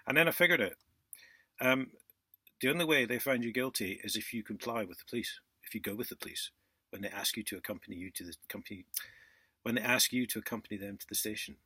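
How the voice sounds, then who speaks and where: Husky guy ranting to camera, sarcastic, low-ish voice, dry close mic. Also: fast talker, no echo. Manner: indignant, sarcastic, swings between loud outbursts and muttered asides. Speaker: vlogger. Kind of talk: casual ranting monologue to camera.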